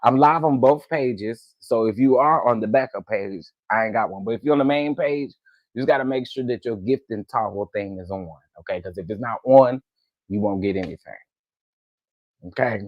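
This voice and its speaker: A man hosting a casual livestream chat, greeting viewers by name in a lively, playful way. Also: medium pitch, fairly quick, no echo, dull audio. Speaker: livestream host.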